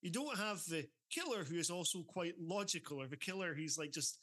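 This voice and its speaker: A man co-hosting a film podcast in casual chat, animated and laughing often. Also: a little high, brisk, few pauses. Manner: animated, laughing often, mimics characters in quotes. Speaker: podcast co-host.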